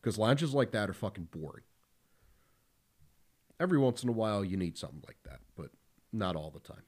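A man's voice: on the low side, sing-song, brisk. A man hosting a podcast in casual talk, blunt and profane, with lots of fillers. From Philadelphia area. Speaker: podcast host.

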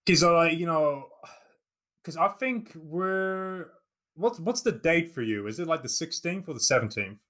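He talks unhurriedly, his voice on the high side with lively intonation and a fairly bright tone. A podcast host in his twenties, from England but raised in New Zealand, he chats casually over a remote call, rambling with lots of fillers and false starts.

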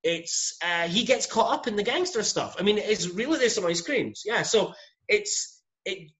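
A man's voice: sits high, lively intonation, moderate pace, a bit bright. A Scottish man co-hosting a podcast, chatting casually in a blunt, teasing, jokey way. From Scotland. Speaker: podcast co-host. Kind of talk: casual chat.

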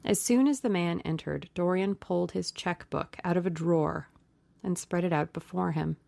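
A woman narrating an audiobook of a classic novel in a steady, measured reading. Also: on the low side, gravelly, dry recording.

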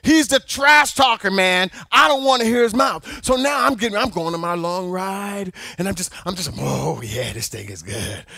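Man, preacher, very high voice, sharp tone, animated storytelling, occasional shouting. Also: moderate pace, few pauses, dry recording. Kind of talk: sermon with a personal anecdote.

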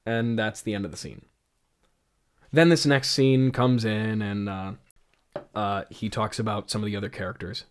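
Hosting a comedy show, this man reads aloud from an old script of his and ridicules it with incredulous laughter and stammering restarts. His voice sits on the low side, moving at a normal speed with long pauses.

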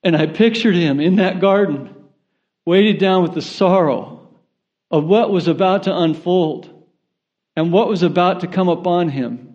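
A man's voice: high voice, unhurried. Earnest male preacher, lo-fi sound. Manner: earnest, rising to impassioned preaching. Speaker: pastor. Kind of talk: sermon.

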